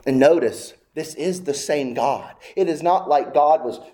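A man with a notably high voice delivers a sermon. He presses his points through repetition, swinging between loud declarations and quieter, lower asides. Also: measured pace. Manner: emphatic, repeating phrases, swinging widely in pitch and loudness. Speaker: preacher.

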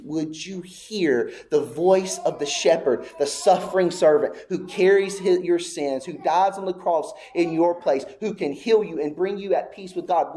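A man's voice: on the high side, mellow. A man preaching a sermon with an emphatic, repetitive cadence, apparently in a church sanctuary.

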